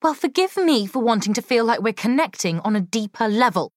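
A woman voicing a sarcastic, sharp-tongued young woman who needles her brother. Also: on the high side, lively intonation, a little fast, dry recording, studio quality, voice pushed up, close to an everyday voice. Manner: sarcastic, muttering through clenched teeth.

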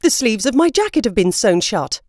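Fed-up storybook dad, woman narrator voicing him; gruff, dry close read. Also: fairly high pitch, very animated, normal speed, a little mellow, no echo. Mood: annoyed. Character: grumpy working father, easily annoyed.

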